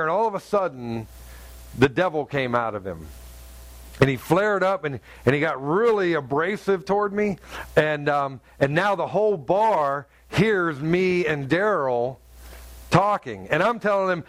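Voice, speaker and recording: A man preaching a sermon, telling a personal story in a halting, conversational way full of fillers, then rising to fervent exhortation. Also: sits high, lively intonation, a bit bright, dry recording.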